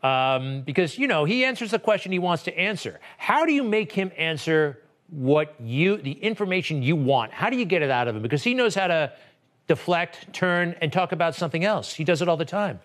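A man's voice: on the high side, very animated, fairly quick, fairly bright tone. A man hosting a talk show interview, chatty and asking leading questions.

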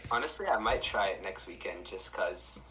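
A man's voice: sits low, lively intonation, moderate pace, pushed and bright, poor audio. A young man calling into a live stream, chatting in a joking, crude way. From Los Angeles area. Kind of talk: casual live chat.

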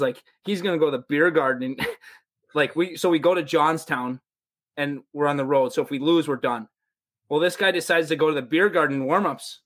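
A young man with an American accent casually telling road-trip stories from his hockey career, swearing freely and acting out the people in them. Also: on the high side. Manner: loose, profane storytelling with animated quoted voices. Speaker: podcast guest, pro hockey player. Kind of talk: casual storytelling.

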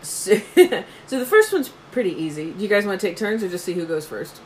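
A woman's voice: mid-range voice, sing-song, a little fast, a little hiss or hum. A woman co-hosting a podcast in casual chat, quizzing her friends in a playful, teasing way and laughing often. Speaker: podcast co-host running a slang quiz.

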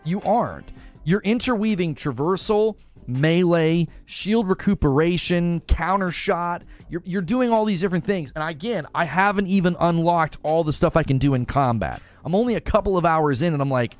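A man streaming casually, reading his chat aloud and arguing his points, often repeating words as he rushes ahead. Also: on the high side, soft background music. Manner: animated, argumentative, repeats words while rushing ahead.

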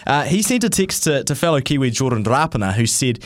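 A man's voice: medium pitch, animated, a little fast, no room sound. A man co-hosting a radio show, telling an anecdote in a chatty way and acting out the quotes. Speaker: radio co-host. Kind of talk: casual storytelling on radio.

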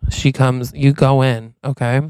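A man co-hosting a comedy podcast, pitching a silly movie plot with playful storytelling and quick acted lines. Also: level tone, darkish tone, clean tone, no echo. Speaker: podcast co-host.

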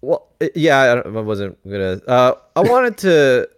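A man hosting a podcast, telling stories in a lively casual way, swearing and acting out other people's voices. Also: medium pitch, a little slow, clean tone, no room sound, clean studio sound. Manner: animated storytelling, swears, acts out voices.

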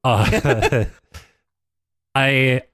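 A man's voice: medium pitch, very animated, very slow, a bit bright, no echo, studio quality. A man co-hosting a podcast, making wry, sarcastic remarks while recapping a reality show. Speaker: podcast co-host.

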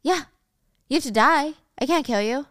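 A woman's voice: high voice, animated, moderate pace, a bit bright, no echo, clean studio sound, voice pushed up. A woman voicing a menacing teen boy who holds a hostage, snarling and taunting with a lot of swearing.

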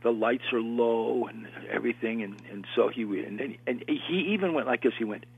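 An older man, an actor, telling an animated story in a casual interview, with lots of restarts and acted-out quotes. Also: mid-range voice, normal speed, vocal fry, breathy edge. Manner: animated, repeats and restarts, acts out quoted voices. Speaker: actor guest recalling film work. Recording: tinny phone-line sound.

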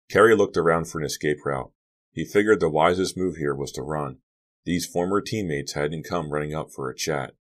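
Male audiobook narrator, very deep voice, steady and dramatic read. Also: normal speed. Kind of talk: scripted narration.

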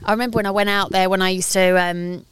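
A chatty woman co-hosting a casual podcast, rambling through her stories with plenty of fillers. Her voice is smooth and clear, recorded outdoors in a garden. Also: medium pitch, steady tone, fast, a bit bright. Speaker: podcast co-host. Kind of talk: casual chat.

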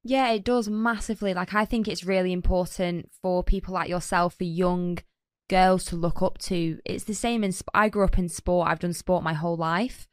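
Female co-host, lowish voice, dry close mic, enthusiastic casual chat. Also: fairly even intonation, moderate pace, dry recording. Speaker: podcast co-host. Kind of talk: conversational interview.

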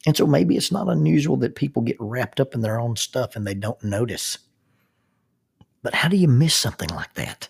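A man's voice: medium pitch, gravelly, a little mellow, slightly rough. A man giving a reflective spoken talk, thoughtful, with frequent restarts and rhetorical questions.

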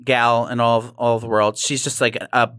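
A man's voice: medium pitch, little pitch movement, normal speed, a bit bright, smooth, dry recording. Brief: flamboyant, gushing male podcast guest, mid-range voice. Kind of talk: casual chat.

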